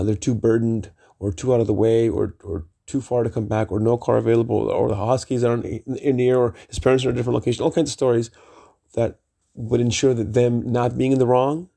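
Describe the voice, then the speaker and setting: A man's voice: mid-range voice, gravelly, mellow. A middle-aged man vlogging, telling a rambling personal story in an emphatic, digressive way and swearing freely.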